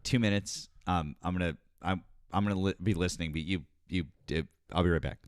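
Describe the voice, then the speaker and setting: A man's voice: low-pitched, steady tone, fairly quick, clean tone, no echo, clean studio sound. A man hosting a political livestream, talking in a flustered, apologetic way. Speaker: livestream host. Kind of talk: casual live-stream chat.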